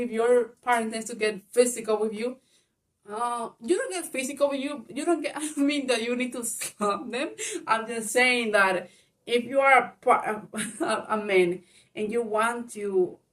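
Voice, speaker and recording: A woman's voice: fairly high pitch, measured pace, a bit bright, recorded from a distance. A woman giving casual spoken advice to viewers, frank and chatty, laughing often, swearing and calling the listener baby. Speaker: advice vlogger.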